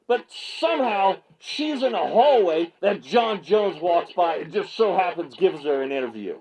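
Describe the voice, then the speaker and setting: A man's voice: sits high, very animated, normal speed, few pauses, a little mellow, breathy edge, poor audio. A male MMA media host in a fired-up reaction rant, stammering and repeating himself as he gets worked up on his small video set.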